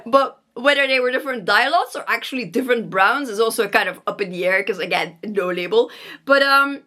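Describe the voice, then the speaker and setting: A woman's voice: fairly high pitch, fairly quick, bright, forceful tone. A woman knitting vlogger at home, talking casually and rambling with fillers and self-corrections, giggling now and then. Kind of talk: casual chat. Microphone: vlogging camera.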